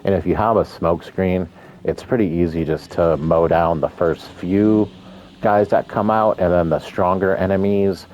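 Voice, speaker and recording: A man with an extremely deep, low voice, still groggy from the morning, talks through a game in a casual commentary. He rambles along unhurried, filling pauses with ums. A faint noise sits behind him. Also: fairly even intonation, a little mellow, muffled recording. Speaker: gameplay commentator.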